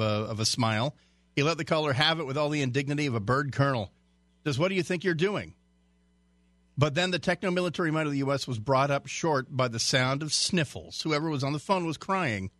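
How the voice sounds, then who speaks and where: A man's voice: on the high side, a bit bright, no echo. A man guest-hosting a radio talk show, reading a news story in a chatty way with stumbles and jokey asides. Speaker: radio fill-in host.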